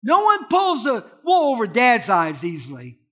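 High, lively preacher man. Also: moderate pace. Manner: animated, punchy storytelling with emphatic repetition. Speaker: pastor. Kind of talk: sermon.

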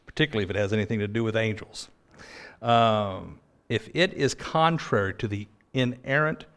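A man's voice: medium pitch, a bit bright. A man delivers a sermon as though telling a story to friends, with a voice that sits in an ordinary middle register. He keeps his delivery loose and conversational and often laughs as he goes. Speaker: preacher.

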